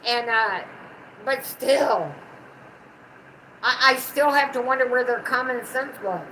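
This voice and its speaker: A woman's voice: fairly high pitch, slow pace, pushed and bright, slight background noise, rough recording. A middle-aged woman with a Southern American twang, chatting affectionately on a casual livestream. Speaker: co-host of a livestream, the channel owner's mother.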